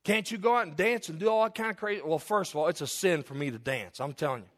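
A man preaching a sermon in church, swinging between loud emphatic lines and soft, quiet asides. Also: a little high, quick pace. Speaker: pastor.

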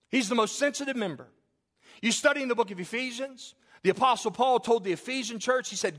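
High-voiced male pastor, sermon delivery, dynamic storyteller. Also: animated, quick pace. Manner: storytelling, swings from loud to soft. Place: church.

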